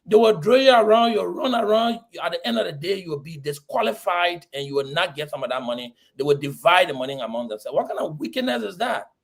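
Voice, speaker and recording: Man, middle-aged, high gravelly voice, heated, rhetorical. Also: animated, quick pace, hardly any pauses. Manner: impassioned, repetitive, rhetorical questions. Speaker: panelist. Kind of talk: heated political discussion.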